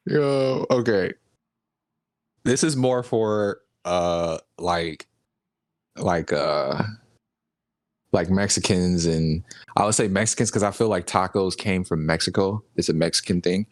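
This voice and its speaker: Animated, rambling young man. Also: deep voice, slow pace, long pauses, no echo, studio quality. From Southern United States. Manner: rambling storyteller, laughs often, acts out quotes. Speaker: podcast co-host. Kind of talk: casual chat.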